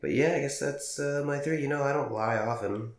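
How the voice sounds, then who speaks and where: A man's voice: mid-range voice, a little fast. A young man co-hosting a podcast in casual chat, telling stories animatedly and swearing freely. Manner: animated storyteller acting out dialogue, swears freely. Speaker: podcast co-host. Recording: echoey room.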